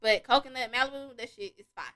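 A young woman hosting a podcast tells a wild story in a high voice, talking fast. The casual chat is animated and profane, and she laughs often while acting out other people's lines, voices, and beats.

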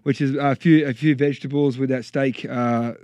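A man's voice: medium pitch, steady tone, moderate pace, darkish tone, no echo, muffled recording. An Australian man chatting loosely in a small studio, walking guests through what he brought. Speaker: guest food vendor. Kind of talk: casual product walk-through.

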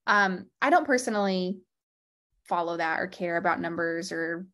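A woman clinician and podcast founder speaking as an interview guest, earnest and heartfelt, talking in quick, open bursts. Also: fairly low pitch, a bit bright. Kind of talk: candid conversational interview.

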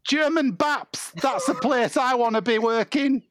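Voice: medium pitch, a little slow, no echo, clean studio sound, pitched above the performer's own voice, natural voice. A performer improvising a meek, gullible new trainee baker who hesitates a lot. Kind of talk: improv comedy scene.

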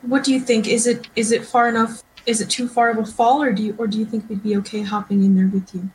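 A woman's voice: a little high, level tone, fast, a little mellow, a little hiss or hum, rough recording. A woman playing in a tabletop game who asks tentative questions. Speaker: player. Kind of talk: casual tabletop play.

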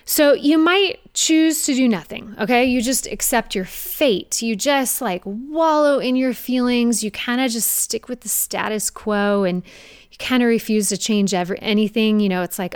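A young woman fitness coach talking straight to her viewers in an energetic, conversational way, with playful mocking asides. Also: a little high, moderate pace, clear, resonant tone, no echo, clean studio sound. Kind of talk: direct-to-camera coaching talk.

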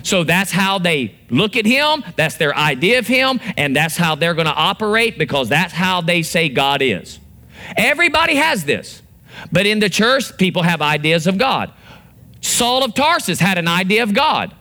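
A man delivers a sermon with a bright, forceful voice that sits a little high. He acts out prayers and quotes as he preaches, and his pitch swings widely from line to line. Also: very animated, normal speed. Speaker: pastor.

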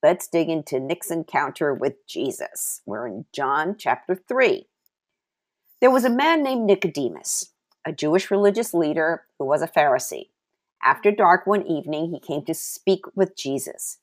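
A woman giving a sermon, reading scripture aloud and sharing her own testimony, slowing down to stress key words. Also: low voice, expressive. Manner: personal testimony mixed with Bible reading. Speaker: preacher.

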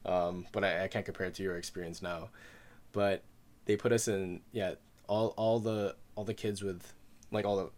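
A man's voice: low voice, steady tone, moderate pace, darkish tone. A man in his twenties who grew up in the Philippines, chatting casually in a loose, profane way, with lots of filler words and frequent laughs. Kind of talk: casual chat.

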